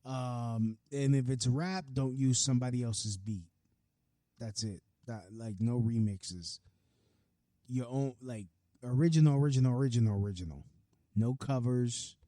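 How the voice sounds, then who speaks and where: A man hosting his own podcast, delivering a profane, heated solo rant that swings from low mutters to loud outbursts. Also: unhurried, no echo. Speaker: podcast host. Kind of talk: ranting solo podcast monologue.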